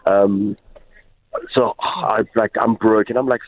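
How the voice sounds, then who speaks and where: A man, telling his story as a radio guest, halting and often restarting. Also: fairly low pitch, steady tone. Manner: halting, many repeated restarts. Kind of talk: casual storytelling in an interview. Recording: tinny phone line.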